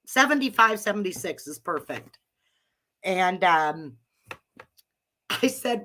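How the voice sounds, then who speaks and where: Casting note: bright, forceful middle-aged woman with a cold, rambling live host. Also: medium pitch, expressive, a little slow. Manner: rambling, chatty, laughs often. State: has a cold. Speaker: live audio room host. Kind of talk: casual chat with listeners.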